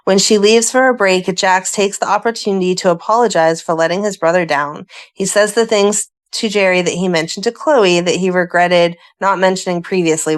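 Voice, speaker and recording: A woman co-hosting a fan podcast, reading plot summaries in a casual chatty way and breaking off into asides. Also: on the low side. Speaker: podcast co-host. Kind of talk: casual chat and recapping a soap plot.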